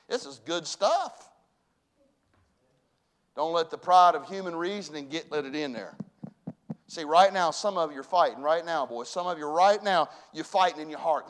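Bright-voiced preacher man. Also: on the high side, animated, normal speed, pauses often. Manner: folksy, emphatic preaching with swings from hushed to loud. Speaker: pastor. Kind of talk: sermon.

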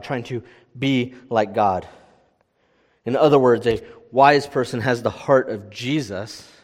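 Man preaching in an echoing hall. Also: on the low side. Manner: conversational preaching, frequent "right?" tag questions. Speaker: pastor. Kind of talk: sermon.

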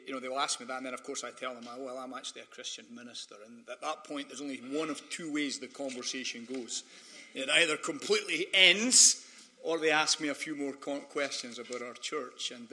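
A Scottish man, a pastor, delivers a sermon in a strikingly bright, ringing voice at a middling pitch. He slips into funny anecdotes, briefly mimicking other people's voices before returning to the text. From Scotland. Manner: storytelling, humorous, mimics voices in quotes. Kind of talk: conference sermon with personal anecdotes.

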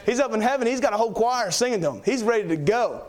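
Young man, preacher, high-pitched voice, excitable rambling sermon, lots of fillers. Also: fast talker.

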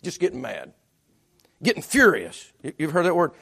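A man preaching a sermon as pastor, talking conversationally with repeated restarts, swinging between loud bursts and hushed asides. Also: a little high, wildly swooping pitch, moderate pace, gravelly, husky.

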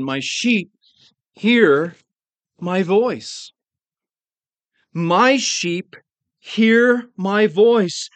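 A pastor preaching in an earnest, measured way, slowing down to lean on the phrases that matter. His voice sits a bit high for a man. The sound is dry and close, with little room around it. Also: no room sound. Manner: earnest, slows down to stress key phrases. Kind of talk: sermon.

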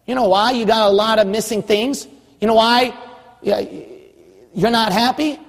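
A man from California preaching a sermon as pastor of his church, hammering one phrase over and over and rising into shouts. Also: high-pitched, fairly even intonation, moderate pace, long reverb tail. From California, USA. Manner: forceful, repetitive exhorting, rising to shouts.

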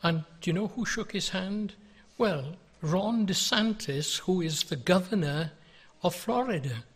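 Older pastor, husky, unhurried sermon delivery, pleading tone. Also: male voice, high-pitched, lively intonation. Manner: earnest, pleading, with rhetorical questions.

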